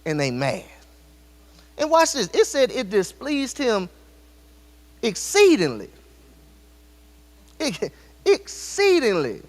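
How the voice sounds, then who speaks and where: A man's voice: very high-pitched, wildly swooping pitch, measured pace. A man preaching a sermon in a church, addressing the congregation directly with repeated rhetorical questions. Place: church sanctuary. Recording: long church hall reverb.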